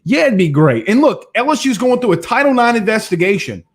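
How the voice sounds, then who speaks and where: A man's voice: sits high, fairly quick, breathy edge. A man hosting a live sports talk show, reading viewer comments and making his points with emphatic repetition. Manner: animated, emphatic, repeats phrases, addresses viewers directly.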